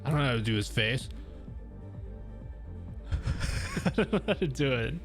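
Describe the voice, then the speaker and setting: A man's voice: medium pitch, expressive, unhurried. A man streaming live, chatting casually with viewers in an easygoing, rambling way and laughing often. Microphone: studio mic through audio mixer. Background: faint background music.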